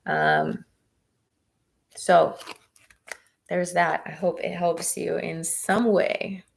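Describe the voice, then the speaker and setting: Woman, tarot reader on a live stream, encouraging and chatty, with a voice that has a gravelly edge. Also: fairly low pitch, steady tone, very slow, a little hiss or hum.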